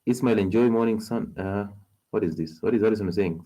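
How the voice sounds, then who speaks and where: A man with a Kenyan accent hosting a health talk stream, animated and coaxing, laughing often as he gives advice. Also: fairly low pitch, moderate pace. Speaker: health show host.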